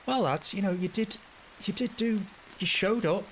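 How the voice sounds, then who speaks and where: A man putting on a chirpy high inner voice. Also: moderate pace, fairly bright tone, slight background noise, rough recording. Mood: cheerfully reassuring. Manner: sing-song, soothing, falsely cheerful. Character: chirpy, relentlessly upbeat inner voice, male.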